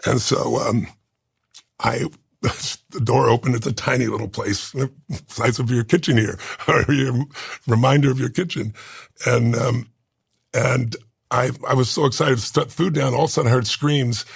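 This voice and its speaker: Man, 60s, interview guest; raspy, gravelly, heartfelt personal storyteller. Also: medium pitch, fairly even intonation, normal speed, no echo, studio quality. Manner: emotional, earnest, tells a personal story.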